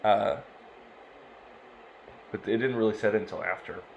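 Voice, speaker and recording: A man on a podcast recalling a story in a relaxed way, trailing off as he talks. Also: fairly low pitch, moderate pace, gravelly, muffled recording, a little hiss or hum. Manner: relaxed, trails off, chimes in with jokes. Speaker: podcast co-host. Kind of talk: casual chat.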